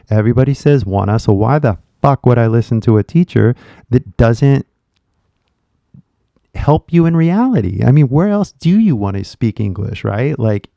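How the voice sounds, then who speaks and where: A man's voice: medium pitch, creaky, mellow, no echo. A man with a Californian accent giving casual livestream English coaching, blunt and rambling with swearing, on dull lo-fi stream audio.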